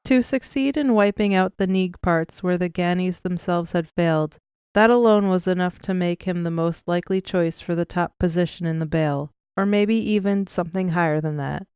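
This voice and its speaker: A woman reads an audiobook with a smooth, clear, slightly low voice. Her telling is even and measured. The recording is close and dry. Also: no room sound. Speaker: audiobook narrator. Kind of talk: scripted narration.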